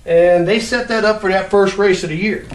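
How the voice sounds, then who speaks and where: A man's voice: high-pitched, normal speed. A man casually telling a made-up story, acting out sounds and gestures as he goes. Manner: animated, acts out sounds and gestures. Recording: roomy echo, mic at a distance.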